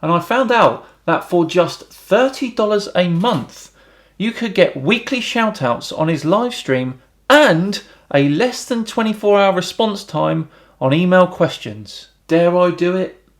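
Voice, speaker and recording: A British man hosting a YouTube channel, reading out viewer comments and answering them with wry, deadpan remarks. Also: high-pitched, a little slow. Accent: British English. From Britain.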